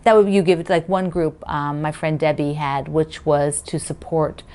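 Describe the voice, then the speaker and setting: A woman's voice: sits low, fairly even intonation, moderate pace, dark tone. A woman hosting a quilting video, talking casually and enthusiastically with plenty of fillers and restarts. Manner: chatty, enthusiastic, rambling with fillers. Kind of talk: casual chat.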